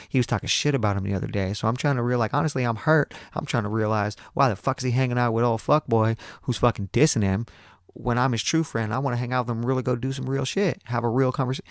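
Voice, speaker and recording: A man's voice: medium pitch, no room sound, studio quality. A man in his thirties hosting a podcast, telling a rambling, profane story with frequent restarts. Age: 30s. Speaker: podcast host. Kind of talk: casual storytelling.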